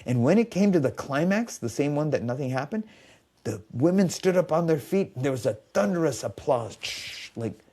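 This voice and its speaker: A man's voice: on the high side, lively intonation, moderate pace, dark tone. A man telling stories in a podcast conversation as a biofeedback specialist, acting out quoted dialogue.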